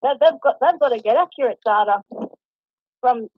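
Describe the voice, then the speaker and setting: An animated Australian-accented woman with a slightly high voice rings a talk show at a moderate pace, rambling cheerfully and laughing easily. The call comes through a dull, distant phone line with no room sound.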